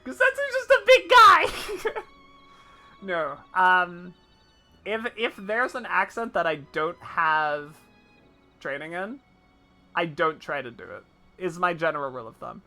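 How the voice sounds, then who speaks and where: A woman's voice: on the low side, a little slow, sharp tone, soft background music. A woman streaming live, chatting casually and laughing easily while answering her chat.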